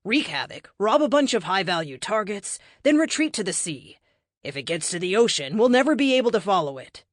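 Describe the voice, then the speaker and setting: A woman's voice: mid-range voice, big pitch swings, a little fast, dry recording, clean studio sound. A woman voicing a wry, glamorous superheroine who teleports. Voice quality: smirking, wry.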